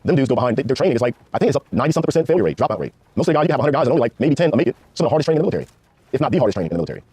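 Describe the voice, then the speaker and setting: A man's voice: medium pitch, big pitch swings, mellow, breathy edge, no echo. A man, a former Ranger telling war stories in a casual, profane interview. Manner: rapid, profane, laid-back war storytelling. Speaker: guest, former Army Ranger.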